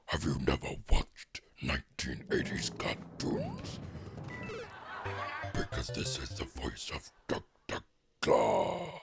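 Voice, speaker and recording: A man voicing a menacing male cartoon villain, with a deep, gravelly voice that leans hard on every syllable. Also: huge pitch swings, slow, over music, full character voice.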